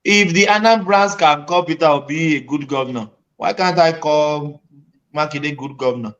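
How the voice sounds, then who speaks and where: Man, playful debater, slightly high voice, muffled audio. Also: moderate pace, fairly bright tone. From Nigeria. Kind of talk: casual online chat. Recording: muffled mic.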